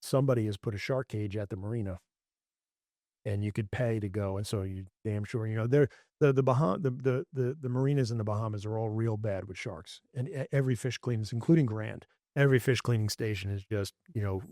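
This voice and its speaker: A man's voice: lowish voice, brisk, warm tone, no room sound, studio quality. A man hosting a casual fishing chat, telling rambling stories with frequent restarts and folksy phrasing. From Florida. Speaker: fishing podcast host.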